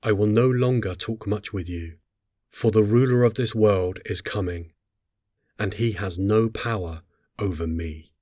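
Scripture is read by a lowish-voiced man whose delivery is solemn, measured, steady, and unhurried. There's no room sound at all; the audio is close and completely dry.

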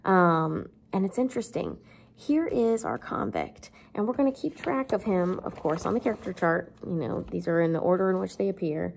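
Woman english teacher, chatty lesson, lotsa ums, low gravelly voice. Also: normal speed, darkish tone, a little hiss or hum. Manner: chatty, lots of fillers, jokes. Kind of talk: casual literature lesson.

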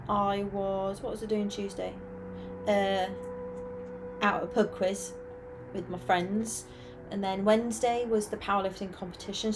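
A young woman streaming while she draws, chatting in a rambling, self-correcting way and sounding tired. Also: medium pitch. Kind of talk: casual chat while drawing. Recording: music playing clearly behind.

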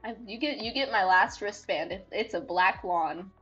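A bubbly young woman chatting with viewers on her stream, voice at an ordinary middle pitch and full of feeling. She rambles cheerfully and giggles often, with faint music playing behind her. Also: normal speed, a bit bright, muffled recording. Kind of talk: casual live-stream chat. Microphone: desktop mic, no webcam.

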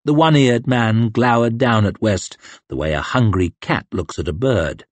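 Husky male audiobook narrator. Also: medium pitch, normal speed, few pauses, no echo. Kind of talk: scripted narration.

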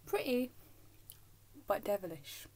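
A woman's voice: mid-range voice, animated, slow pace, darkish tone. Young woman, English accent, casual vlog chat, giggly, whispery asides, home recording. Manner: chatty and giggly, drops into whispers. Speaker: vlogger. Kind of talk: casual rambling chat to camera. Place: at home in her room.

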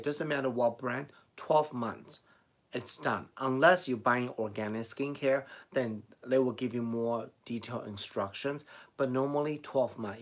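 This beauty vlogger, a middle-aged man with a Chinese accent, has a medium-pitched, slightly bright voice. Chatting casually during his live stream, he reads out comments from viewers, responds to each, and laughs frequently.

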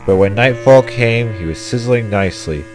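A man reading a children's story aloud in an even, measured way, with music behind. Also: fairly low pitch. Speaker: narrator. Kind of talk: storybook narration.

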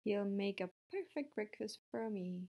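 Calm clever spider read by a woman, slow, matter-of-fact storybook voice. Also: medium pitch, highs cut off.

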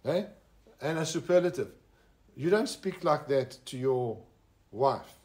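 A man's voice: medium pitch, lively intonation, unhurried, darkish tone. Joking South African man preaching. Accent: South African English. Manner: joking, conversational, with asides to the listeners. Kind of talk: informal sermon. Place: fellowship lounge.

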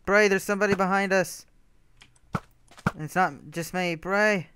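Young guy gaming, low-key mumbly jokes, bit of hiss. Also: fairly even intonation, moderate pace. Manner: mumbly and wry, with sudden laughing outbursts. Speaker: gamer. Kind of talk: casual gameplay chat.

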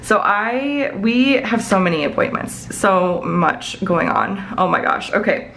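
A woman's voice: medium pitch, animated, slow pace, creaky, a bit bright, slight background noise, poor audio. A woman in her thirties chatting casually in her home office while planning, rambling with many fillers. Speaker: planner vlogger. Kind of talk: casual chatty plan-with-me talk.

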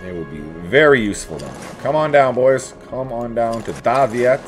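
A man's voice: mid-range voice, animated, moderate pace, faint music behind. A man casually commentating his own strategy game, chatting to his troops and rivals with playful asides. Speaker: let's play host.

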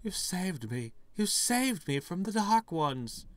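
A man's voice: sits high, big pitch swings, slow pace, voice pushed up, full character voice. Man putting on a meek lady ghost. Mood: shy. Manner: meek, apologetic. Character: gentle female ghost, timid and polite.

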